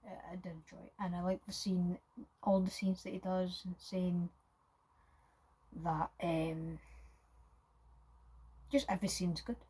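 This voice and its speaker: A woman's voice: on the low side, flat delivery, unhurried, long pauses, warm tone, slightly rough, poor audio. A woman giving a casual, rambling film review, full of hesitations and restarts.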